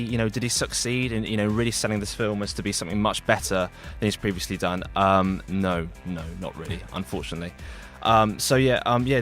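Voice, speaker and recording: Fast, rambling man reviewing films. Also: lowish voice, a bit bright. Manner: rambling, heavy with fillers and restarts. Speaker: film reviewer. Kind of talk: radio film review chat. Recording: radio studio with faint music.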